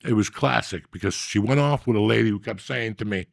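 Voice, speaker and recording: Male podcast host, gravelly and rough, dry close sound, profane and animated storyteller. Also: on the low side, a little fast, no echo. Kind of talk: casual storytelling.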